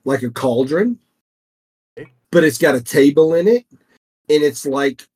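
A man's voice: on the high side, animated, measured pace, a little mellow, slightly rough. A man co-hosting a casual podcast chat, easygoing and rambling as he explains things. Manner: easygoing, rambling, restarts mid-thought. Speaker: podcast co-host.

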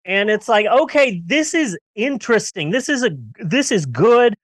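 A man's voice: high-pitched, expressive, normal speed, no room sound. A man co-hosting a casual movie-review podcast, ranting sarcastically and riffing with jokes. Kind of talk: casual comedic film review chat.

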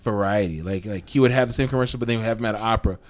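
A man's voice: fairly low pitch, rapid-fire. A young man, co-hosting a casual podcast chat in a laid-back, dry way, swearing casually. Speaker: podcast co-host.

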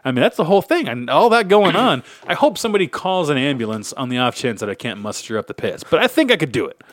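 A man's voice: on the high side, very animated, fast, fairly bright tone, dry recording. A man co-hosting a podcast in casual banter, telling crude stories and laughing mid-sentence. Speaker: podcast co-host.

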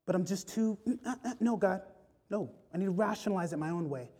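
A man's voice: a little high, warm tone, breathy edge. A man preaching an impassioned sermon, rising and falling in intensity. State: choked up with emotion.

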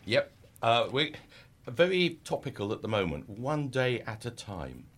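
A man's voice: medium pitch, sing-song, unhurried, fairly bright tone. A man leading a church choir, talking as a guest on local radio in a friendly, hesitant way with lots of ums. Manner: friendly, hesitant with many fillers. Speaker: choir leader. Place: radio studio.

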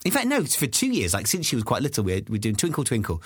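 A man's voice: mid-range voice, wildly swooping pitch, fast, slightly rough, dry recording, clean studio sound. A British man co-hosting a casual podcast, sharing chatty, laughing anecdotes about bedtime with his daughter. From United Kingdom. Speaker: podcast co-host. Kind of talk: casual chat.

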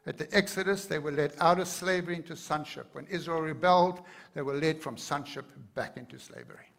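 A man's voice: on the high side, brisk, gravelly, fairly bright tone. A man preaching a sermon to his congregation, earnest and building to fervent emphasis. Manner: addresses the congregation directly. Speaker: pastor.

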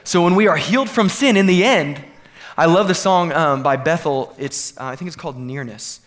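Male pastor, slightly high voice, earnest sermon delivery with emphatic builds. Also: normal speed, fairly bright tone. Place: church sanctuary.

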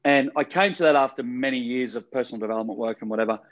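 A man's voice: medium pitch, racing, muffled recording. Earnest man, rambling and frank. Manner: earnest, rambling, swears casually. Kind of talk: casual podcast chat.

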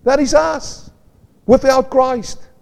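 A man's voice: very high-pitched, steady tone, slow, vocal fry, darkish tone. A male pastor preaching a sermon, asking the congregation questions throughout. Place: church. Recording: long reverb of a church hall.

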